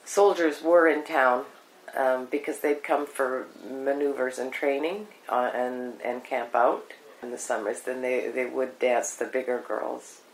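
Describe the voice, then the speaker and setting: An older woman from Canada, reminiscing in an interview, rambling along with many pauses. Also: extremely low pitch, fairly even intonation, slight background noise. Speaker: oral history interviewee. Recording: echoey room.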